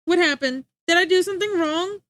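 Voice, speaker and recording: A woman's voice: very high-pitched, brisk, a bit bright, no room sound. A young adult woman streaming, rambling in casual chat and answering her chat, often restarting her sentences.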